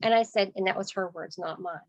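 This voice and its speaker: A woman sales consultant, telling a lively story on a video call, acting out voices and laughing often. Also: medium pitch, brisk, no echo.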